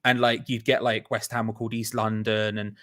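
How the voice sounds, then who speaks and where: A man's voice: lowish voice, level tone, fairly quick, a bit bright. Easygoing, jokey man hosting a watch-along. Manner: easygoing, jokey, laughs often. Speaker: host of a football watch-along. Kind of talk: casual chat. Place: flat.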